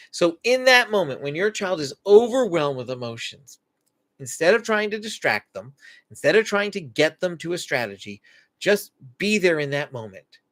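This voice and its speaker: A man hosting a live stream as a Christian parenting coach, teaching earnestly and acting out what parents and children say. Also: on the high side. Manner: animated, acts out quoted parent and child lines; earnest, instructive.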